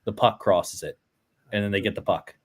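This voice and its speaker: A man's voice: fairly low pitch, fairly even intonation, moderate pace. A young man co-hosting a casual sports podcast, playful and a bit boastful. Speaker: co-host.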